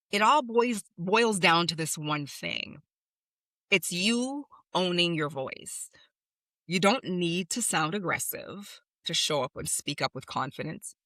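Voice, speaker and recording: A woman's voice: on the low side, sharp tone, dry recording. A woman podcast host and communication coach, talking straight to listeners in an emphatic, instructive way. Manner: emphatic, instructive, repeats commands. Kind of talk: direct-address coaching monologue.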